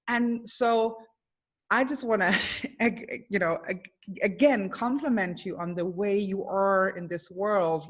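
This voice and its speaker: Effusive woman hosting a webinar chat. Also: medium pitch. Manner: warm, effusive, many fillers and restarts. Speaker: host, psychologist. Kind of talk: casual webinar conversation.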